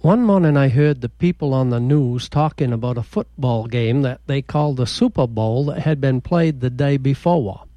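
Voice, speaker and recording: A man telling a short humorous radio commentary in a dry, deadpan way. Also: medium pitch, moderate pace, few pauses, no echo, lo-fi sound.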